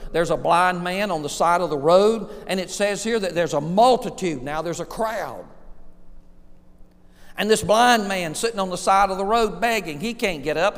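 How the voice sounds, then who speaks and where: A man preaching a sermon as pastor, animated, with dramatic pauses and swings between soft and loud. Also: high voice. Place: church sanctuary. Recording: long reverb of a large hall.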